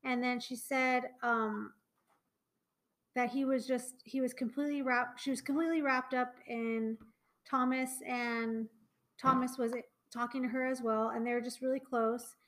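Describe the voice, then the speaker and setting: A woman's voice: on the high side, steady tone, moderate pace, poor audio. A young woman co-hosting a podcast in a casual chat, rambling with lots of fillers and restarts. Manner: chatty, many fillers and trailing restarts. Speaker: podcast co-host.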